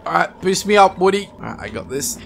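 Man, gaming commentary, high and very lively voice, excitable, music behind. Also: a little fast, gravelly. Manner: excitable, yelling and laughing at the game. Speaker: gaming YouTuber. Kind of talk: game commentary. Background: game music.

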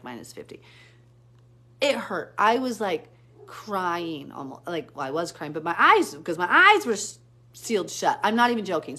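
A woman chatting casually on a live stream, answering comments and telling a rambling, animated story. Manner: animated storytelling with sudden pitch jumps. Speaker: Bible teacher hosting a live stream.

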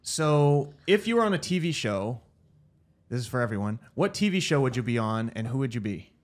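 A man's voice: mid-range voice, sing-song, a little fast. A man in his thirties hosting a casual podcast chat, teasing his guests and laughing often. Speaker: podcast host.

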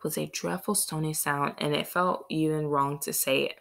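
A woman's voice: sits low, moderate pace, gravelly, few pauses. Woman reading a children's novel aloud. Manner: steady storytelling read. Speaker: audiobook reader. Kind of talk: scripted narration.

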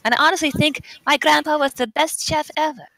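A woman putting on a cheerful young German housewife in her twenties, gushing about food in a put-on German accent. The voice sits high and bright in a dry, close sound, with little room around it. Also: brisk, dry recording, low-quality recording. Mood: chirpy. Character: mid-twenties German housewife who loves cooking. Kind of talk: comic reading of a recipe blog.

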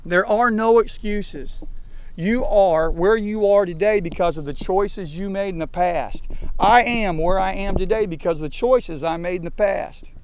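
A man's voice: high-pitched, normal speed, a little mellow, smooth. A man in his fifties, a coach giving an emphatic motivational talk to his team in a field. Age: 50s. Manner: emphatic, preaching with repeated punchlines. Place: outdoors in a rural field.

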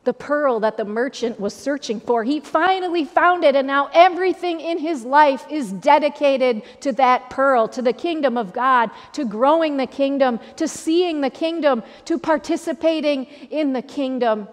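A woman's voice: high-pitched, moderate pace, few pauses. A woman pastor giving a sermon in a conversational, repetitive preaching style, with an Upper Midwest American accent. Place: church sanctuary. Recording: long church reverb.

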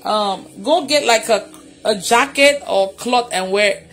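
A woman leading prophetic prayer and deliverance, making fervent, repetitive declarations, laughing in bursts and at times shouting. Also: a little high, slow, soft background music. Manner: intermittently shouts and prays in tongues. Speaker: prophetic minister.

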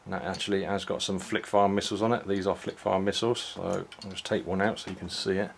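A man casually walking through a toy set, unhurried, with many ums and restarts. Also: low voice, flat delivery, gravelly, slight background noise. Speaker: toy reviewer. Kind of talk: casual product walkthrough.

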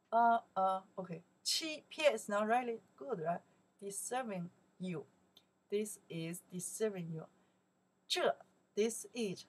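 A woman with a Chinese accent teaching a song lesson, explaining in simple English and singing lyric lines slowly. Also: on the high side, expressive, husky. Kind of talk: slow song lesson for learners.

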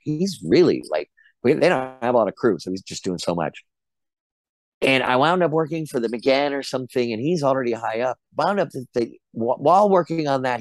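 A man's voice: mid-range voice, a little mellow, no room sound. A middle-aged man, an actor being interviewed, telling casual anecdotes and acting out the quotes. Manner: chatty storyteller, acts out quotes. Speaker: actor guest.

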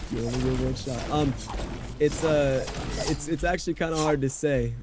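A man joking around while playing a game with a friend on a headset mic, rambling and getting loud in fights. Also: on the high side, steady tone, measured pace, very noisy. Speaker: teammate in a game stream. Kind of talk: casual gaming chat.

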